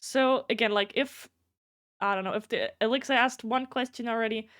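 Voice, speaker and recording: On her live stream, a young woman with a fairly high, slightly bright voice chats casually at normal speed. She rambles through stories, restarts sentences, swears freely and pauses to greet viewers by name.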